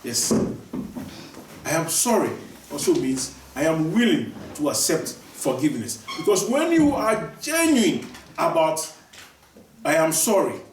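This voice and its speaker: A man's voice: a little high, big pitch swings, measured pace, recorded from a distance, slight background noise. Repetitive man preaching in an echoey room. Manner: repetitive, emphatic, many restarts. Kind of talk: sermon.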